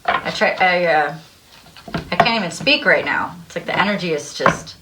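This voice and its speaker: A woman's voice: lowish voice, lively intonation, normal speed, very noisy. A young adult woman giving a casual tarot reading, bubbly and breathless, laughing often as she talks. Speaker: tarot card reader.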